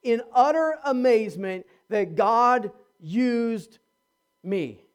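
A pastor with a medium-pitched, expressive voice preaches a sermon slowly and emphatically. The speaker repeats words, restarts phrases and asks the congregation rhetorical questions, swinging from quiet asides to near-shouting.

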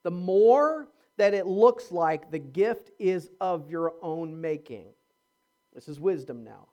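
In a muffled recording, a pastor with a mid-range, animated voice preaches slowly. The sermon is emphatic, with repeated words, restarted phrases and rhetorical questions put to the congregation. The delivery shifts from quiet asides to near-shouting.

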